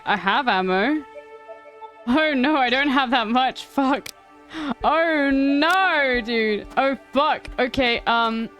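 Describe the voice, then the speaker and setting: With a slightly high, fairly bright voice, a young woman chats her way through a live game stream. She swears and jokes at her own expense in a casual, talkative way.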